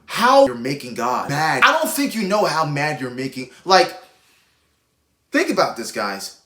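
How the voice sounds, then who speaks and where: A man's voice: fairly high pitch, wildly swooping pitch, a little slow, pauses often, pushed and bright, echoey room. A young man preaching casually to his viewers, blunt and slangy, acting out little voices as he exhorts them. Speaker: online preacher.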